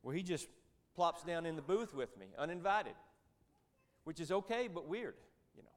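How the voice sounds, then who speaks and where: A man's voice: fairly high pitch, expressive, normal speed. A man in his fifties, a Christian businessman, telling a story in a church talk in a conversational, folksy way with joking asides.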